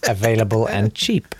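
A man's voice: lowish voice, a little hiss or hum. A man chatting casually about his voiceover work, self-deprecating, with frequent stammered restarts. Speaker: voice actor and podcast guest. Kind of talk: casual chat.

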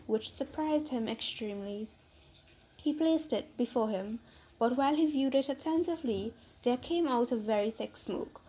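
A woman hosting a podcast, reading a fairytale aloud in a measured, unhurried storybook manner. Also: on the high side, darkish tone, slight background noise, rough recording.

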